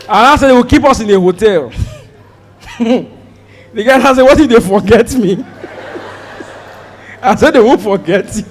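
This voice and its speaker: A Nigerian man performing a stand-up comedy set, telling a story and acting out shouted prayers. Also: sits high, measured pace, pauses often. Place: comedy stage before a live audience. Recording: live show with crowd audible.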